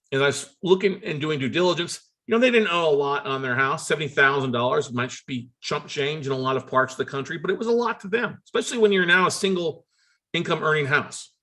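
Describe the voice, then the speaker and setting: A note investor tells a story conversationally in a bright, clear voice, frequently stopping and restarting his words. When he acts out the phone calls, his pitch jumps up.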